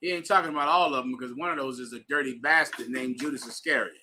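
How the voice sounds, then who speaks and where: A man's voice: mid-range voice, fast, sharp tone. A man teaching a bible class to students in a room, emphatic and slangy, telling readers to keep going. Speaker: scripture class instructor.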